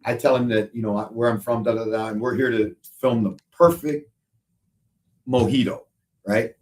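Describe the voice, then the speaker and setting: A male show host telling lively stories in casual chat, often tagging lines with "right?". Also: medium pitch, moderate pace, far from the mic. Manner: animated storyteller, frequent "right?". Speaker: show host, football analyst.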